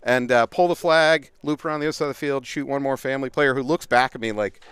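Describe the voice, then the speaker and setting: A middle-aged man, casually telling animated paintball stories as a livestream commentator outdoors. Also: medium pitch, quick pace, clear, resonant tone, no echo. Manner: animated, laughing storyteller.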